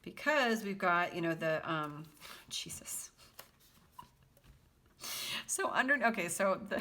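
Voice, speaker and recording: A woman's voice: medium pitch, animated, a little slow, long pauses, fairly bright tone. A woman doing a casual tarot reading for her viewers, chatty and prone to fits of laughter. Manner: giggly, chatty, breaks into laughter often; reads song lyrics aloud in a half-sung lilt. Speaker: tarot reader.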